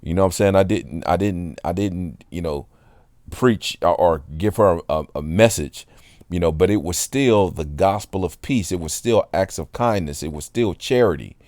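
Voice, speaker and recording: Earnest low-voiced man giving testimony. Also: normal speed, a little mellow, no echo, studio quality. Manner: earnest, rambling, keeps asking "you know what I'm saying". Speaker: Christian testimony speaker; water delivery driver. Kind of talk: casual spoken testimony.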